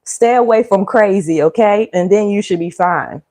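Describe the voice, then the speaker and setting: A woman's voice: medium pitch, moderate pace, mellow. A woman chatting casually and joking with viewers during a cooking livestream. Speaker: livestream host.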